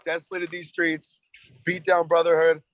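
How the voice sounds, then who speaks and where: A man's voice: fairly high pitch, completely flat delivery, normal speed, a bit bright, lo-fi sound. A man from the United States, a touring band member, joking around and swearing freely as a guest in casual podcast chat.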